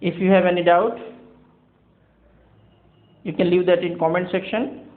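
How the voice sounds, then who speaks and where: Man, teacher, high voice, spells out words, slow repetition, echoey, tinny. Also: steady tone. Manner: spells words letter by letter and repeats each slowly. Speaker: English teacher. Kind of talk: classroom-style lecture mixing English and Hindi. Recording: echoey room on a thin phone-like line.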